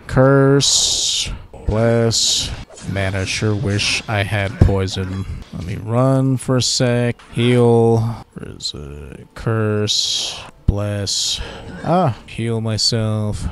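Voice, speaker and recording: A man hosting casual gameplay commentary, relaxed and chatty as he thinks aloud while playing. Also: on the low side, very slow, a little hiss or hum. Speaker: gaming channel host.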